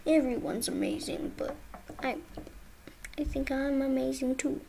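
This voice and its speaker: A woman's voice: sits high, unhurried, gravelly, pauses often, warm tone, a little hiss or hum. A woman giving casual gameplay commentary as a video creator, playful and talking to herself, often dropping into a whisper.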